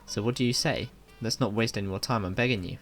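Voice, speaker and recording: A man's voice: fairly low pitch, fast, soft background music, close to an everyday voice. A man voicing a small, frightened young male puni creature who talks in a jumpy, pleading way in a video game.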